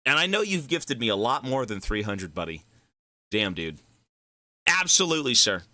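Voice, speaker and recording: Excitable, bright-voiced male streamer. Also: medium pitch, moderate pace, no room sound. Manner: excitable, effusive, swears casually. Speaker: live streamer. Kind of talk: casual live-stream chat thanking donors.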